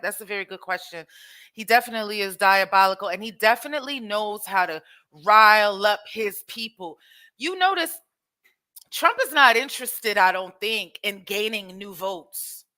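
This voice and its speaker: A woman hosting her own show, casually commenting on clips in an animated way with rhetorical questions. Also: medium pitch. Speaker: host.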